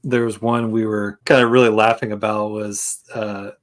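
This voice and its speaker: A man's voice: fairly low pitch, little pitch movement, normal speed. A man hosting a podcast in casual chat, talking in a rambling, hesitant way with lots of fillers. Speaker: podcast host.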